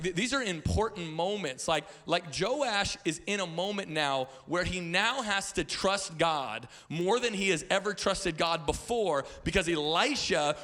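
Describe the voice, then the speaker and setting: A man in his thirties preaching as a pastor in a church, telling stories with playful asides and stammered repeats. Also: high voice. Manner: animated storytelling with playful asides. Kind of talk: sermon. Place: church auditorium.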